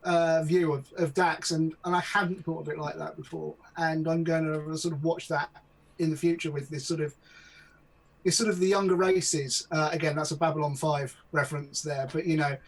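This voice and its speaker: A man's voice: on the high side, fairly even intonation, normal speed, creaky, low-quality recording. A man hosting a casual discussion, thoughtful and a little hesitant, handing turns to the others. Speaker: host.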